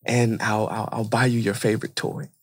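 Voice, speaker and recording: A man's voice: fairly low pitch, flat delivery, moderate pace, natural voice. A man voicing a father trying to get his son out of the way so he can watch a game. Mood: coaxing. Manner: exasperated, then smug.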